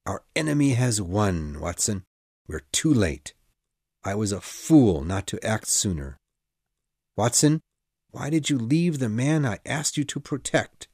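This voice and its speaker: Casting: a man reading a middle-aged male detective, commanding and urgent, lively delivery, slow and deliberate. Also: lowish voice, breathy edge, no room sound, studio quality, full character voice. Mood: remorseful. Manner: urgent exclamations, brisk reasoning. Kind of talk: audiobook character reading.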